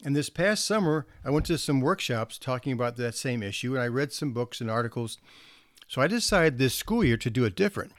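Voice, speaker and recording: A male counselor giving a storytelling talk to parents. He speaks in a relaxed, conversational way with small restarts. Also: medium pitch, fairly quick, no echo, clean studio sound.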